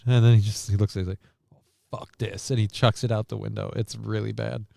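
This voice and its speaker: A man's voice: fairly low pitch, flat delivery, quick pace, vocal fry, dark tone, dry recording, clean studio sound. A man hosting a stream, chatting casually and joking as he reacts to news clips, rambling and swearing freely. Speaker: stream host.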